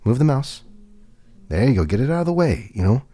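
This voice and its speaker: A man's voice: medium pitch, big pitch swings, fairly quick, warm tone, dry recording. A man livestreaming from his home desk into a desk microphone, chatting playfully and fondly to his cat. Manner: playful, fond, teasing the cat. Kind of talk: casual chat to his cat.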